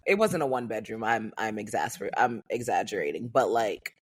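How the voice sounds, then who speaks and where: A woman co-hosting a podcast in casual chat, animated, with quick reactions and frequent laughs. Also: a bass voice, husky. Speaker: podcast co-host.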